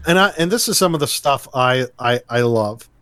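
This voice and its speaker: A man's voice: mid-range voice, expressive, normal speed, fairly bright tone, clean tone. A man co-hosts a podcast in easy, casual chat. His talk rambles and restarts, with a mid-range voice. The sound is dry and close, with no room echo. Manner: rambling, restarts often, laughs easily. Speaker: podcast co-host. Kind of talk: casual chat about tabletop games.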